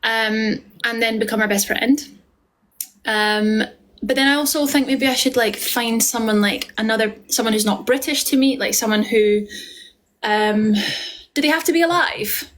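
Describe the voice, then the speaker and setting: A woman's voice: a little high, normal speed. Chatty Scottish woman on a live stream. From Scotland. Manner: chatty and affectionate, calls viewers darling and lovely. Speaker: live-stream host and musical theatre performer. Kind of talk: casual live-stream chat answering viewer questions.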